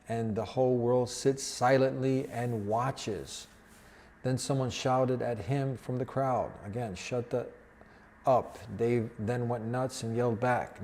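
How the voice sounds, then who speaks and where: A man's voice: mid-range voice, warm tone. A man hosting a talk show, reading news reports and commenting in an earnest, preaching tone. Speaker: host.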